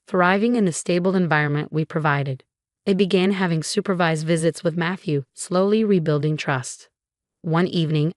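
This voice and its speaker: A woman with a fairly low voice tells a dramatic first-person story in a steady, scripted narration. The recording is dry and close, with no room sound. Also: no room sound.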